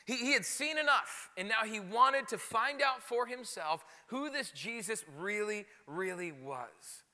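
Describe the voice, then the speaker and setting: A man preaching a sermon as pastor, animated and conversational, often repeating words for emphasis. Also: high-pitched, long reverb tail.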